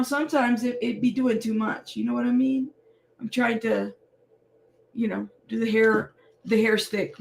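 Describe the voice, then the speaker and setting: A woman's voice: on the high side, creaky. A tired woman hosting a casual livestream and greeting viewers by name. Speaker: livestream host.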